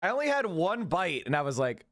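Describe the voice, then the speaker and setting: A man streaming casually to his chat, animated, sarcastic and profane. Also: sits high, brisk, no echo, studio quality. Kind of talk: casual livestream commentary.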